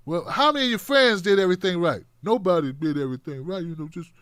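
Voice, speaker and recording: A man hosting a live stream, reading out viewer comments with an animated, sarcastic delivery that swings between outbursts and muttering. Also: sits high, fast talker, few pauses, smooth, no room sound, clean studio sound. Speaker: live-stream show host.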